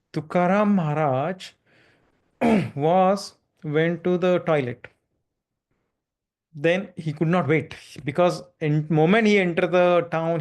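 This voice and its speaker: Man telling a story with many fillers. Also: fairly high pitch. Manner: animated, with many fillers and restarts. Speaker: class speaker. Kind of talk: storytelling in a scripture class.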